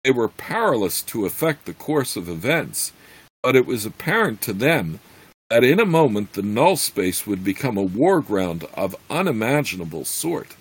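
A man reading a fantasy story aloud, slowly, with some slips and fillers. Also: mid-range voice, very animated, husky, rough recording. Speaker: reader.

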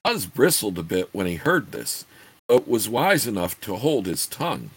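A man narrating a fantasy audiobook in an expressive, lively read-aloud way. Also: fairly low pitch, normal speed, husky.

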